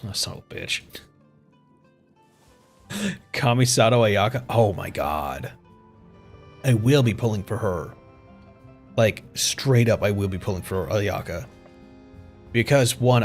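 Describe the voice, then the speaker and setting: A man giving casual live-stream commentary as streamer, excitable, swearing freely and chuckling often. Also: lowish voice, normal speed, long pauses, faint music behind.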